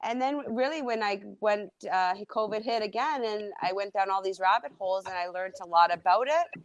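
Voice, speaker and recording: A woman's voice: medium pitch, normal speed, dry recording, muffled recording. Chatty woman podcast guest. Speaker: podcast guest and show host. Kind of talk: casual chat.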